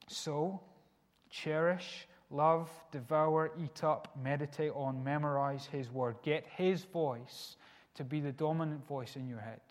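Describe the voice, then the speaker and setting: A man preaching a sermon in an earnest way, dropping to hushed lines and rising for emphasis. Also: on the high side, steady tone, normal speed. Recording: long reverb of a hall.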